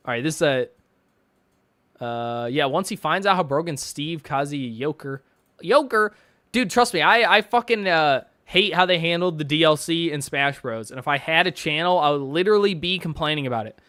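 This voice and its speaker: A man's voice: on the high side, animated, moderate pace, pushed and bright, clear, resonant tone, dry recording. A young man casually chatting on a stream and reading donations, rambling and swearing with frequent laughs and fillers. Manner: rambling, profane, laughs often, many fillers.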